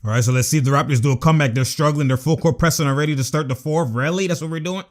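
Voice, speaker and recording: Excitable young man. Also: a little high, racing. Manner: excitable, slangy, laughs often. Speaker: sports vlogger. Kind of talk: basketball reaction commentary.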